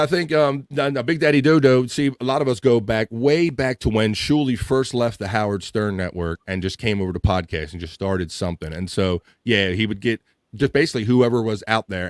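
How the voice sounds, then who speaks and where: A man's voice: on the low side, brisk, dry recording. Dry-miked joking male livestream host. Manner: loose, joking, reads chat aloud. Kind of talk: casual livestream chat reading comments.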